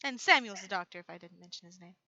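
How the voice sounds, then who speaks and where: A woman's voice: mid-range voice, expressive, fast talker, bright, forceful tone, dry recording, lo-fi sound. A woman playing her character in a tabletop role-playing game, playful and a bit stumbling. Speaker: player.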